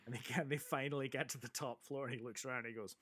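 A man's voice: medium pitch, steady tone, very fast, a bit bright. A man in casual chat about a film, eagerly quoting its lines. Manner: enthusiastic, quotes film lines with relish.

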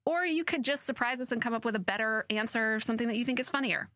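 A woman's voice: fairly high pitch, quick pace, a bit bright. A woman co-hosting a casual chat show, bubbly and enthusiastic as she runs the games. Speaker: co-host.

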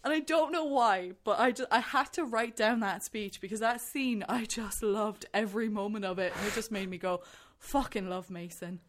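Animated woman in casual chat. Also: fairly high pitch, moderate pace, few pauses, background noise. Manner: animated, acts out quotes in raised voices. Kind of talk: casual chat about a show.

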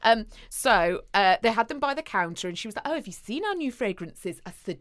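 A woman co-hosting a relaxed chat, spinning a funny anecdote. Her pitch swings widely as she plays out other people's lines, and she breaks into laughter often. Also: fast talker, few pauses. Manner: chatty storyteller, laughs often, acts out dialogue. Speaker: podcast co-host. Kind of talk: casual chat.

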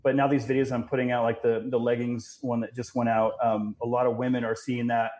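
A young man and father, a podcast guest, talking casually in halting sentences. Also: medium pitch, flat delivery, darkish tone. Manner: halting, full of fillers and restarts.

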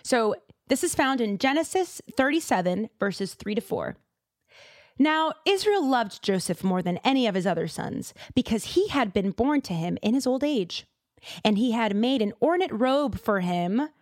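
A woman's voice: a little high, normal speed, no echo. Host: chatty woman from Boston, casual podcast talk with a dry, close sound. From Boston, USA. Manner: chatty and animated, with lots of fillers and side remarks.

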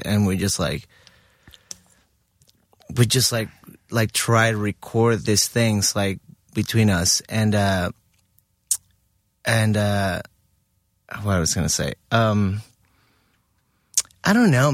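A man in casual chat, talking haltingly with lots of restarts and fillers. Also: on the low side, dry recording, studio quality.

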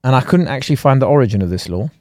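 Male co-host; mid pitch, rambling and jokey, dry studio sound. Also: lively intonation, racing, darkish tone, no room sound. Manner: rambling, jokey, trailing restarts. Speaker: podcast co-host. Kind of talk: casual chat.

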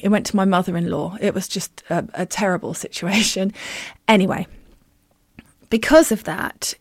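A woman's voice: medium pitch, no echo, studio quality. A woman who hosts a podcast as a medium, telling stories in a candid, self-deprecating, casual way.

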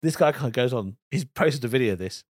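A man co-hosting a comedy podcast, telling stand-up stories in a playful, quick, joking way. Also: medium pitch, lively intonation. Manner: playful, laughing, quick asides. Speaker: podcast co-host. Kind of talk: casual comic storytelling.

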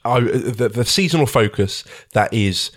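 A man co-hosting a podcast in casual chat, dry and wry, with halting restarts. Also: mid-range voice, lively intonation. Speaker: podcast co-host.

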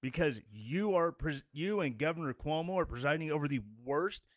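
A man's voice: a little high, lively intonation, normal speed, no echo, studio quality. A man giving an angry, sarcastic political rant as a commentator. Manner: sarcastic and combative.

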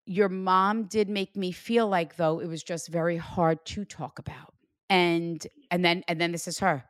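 A woman working as a psychic medium, chatting casually and acting out what she hears, with lively jumps in her voice. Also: unhurried, no room sound, studio quality. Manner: animated, acts out quoted spirits with big pitch jumps and laughter. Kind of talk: casual reading with a caller.

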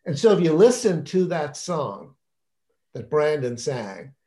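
A man's voice: a little high, big pitch swings, a little slow, mellow. A man talking about his children's book in a casual interview, enthusiastic and rambling, often restarting his sentences.

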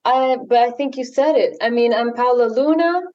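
A woman from Chile, chatting as a podcast guest in a relaxed, friendly way. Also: fairly high pitch, moderate pace, highs cut off, a crowd in the background. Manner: relaxed and friendly, with small restarts. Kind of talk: casual chat.

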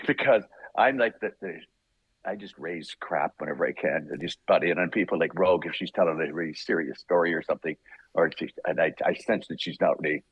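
Husky-voiced man telling rambling stories. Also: sits low, brisk, dry recording, lo-fi sound. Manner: animated, rambling, laughs often. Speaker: voice actor guest. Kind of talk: casual interview storytelling.

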